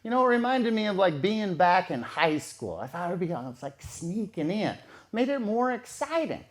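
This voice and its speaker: A man's voice: high-pitched, big pitch swings, normal speed. A man telling a true story in a casual, conversational way, repeating phrases for effect.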